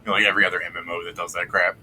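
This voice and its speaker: A man's voice: sits low, flat delivery, racing, over a noisy crowd, poor audio. A man narrating as game master, casual and rambling, swearing freely. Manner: rambling, profane and loose.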